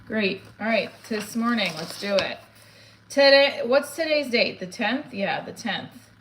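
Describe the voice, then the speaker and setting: A woman's voice: fairly high pitch, expressive, unhurried, a bit bright. Woman, middle-aged, rambling livestream chat, reads comments aloud, faint background hiss. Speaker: comedian and livestream host.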